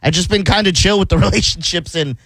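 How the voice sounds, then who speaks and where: A male radio host chatting on air in a dry, close studio sound. His voice sits a little higher than most men's, and he rambles through stories, stumbles over repeated words and breaks into laughter. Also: fast, a bit bright, dry recording. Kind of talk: casual studio chat.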